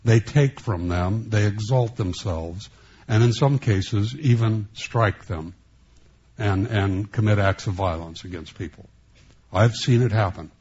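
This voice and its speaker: A man preaches with a low, mellow voice that has a husky edge. He speaks haltingly, restarting his phrases often, and he lets some sarcasm slip into his preaching. The recording sounds dull and lo-fi. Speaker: pastor. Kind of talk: sermon.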